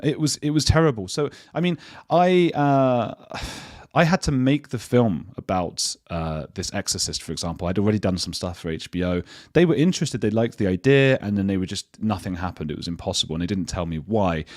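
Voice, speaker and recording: A British man with a low voice talks casually as an interview guest. He is chatty and self-deprecating, often restarting his sentences. The sound is dry and close. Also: lively intonation, a little fast, a little mellow, no echo. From United Kingdom. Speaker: guest, journalist and podcaster.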